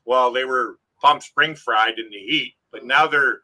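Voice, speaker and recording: A man from Canada in casual group chat, animated and joking with quick exclamations. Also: medium pitch.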